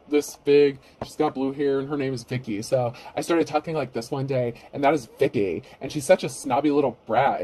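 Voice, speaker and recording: A man's voice: mid-range voice, warm tone, slight background noise. Rambling blunt man reading tarot. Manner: rambling, blunt, swears freely. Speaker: tarot reader.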